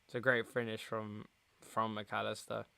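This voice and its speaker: A man's voice: fairly low pitch, flat delivery, measured pace, gravelly, bright, forceful tone, smooth. A young man from England streaming a football watchalong, groaning and sighing in dejection as he talks to his chat. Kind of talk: live football watchalong reaction.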